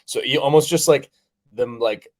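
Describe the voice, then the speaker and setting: A man's voice: medium pitch, moderate pace. A young man from Canada, a professional rugby player, chatting in an interview with lots of fillers and restarts. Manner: rambling, many fillers and restarts. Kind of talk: casual interview chat.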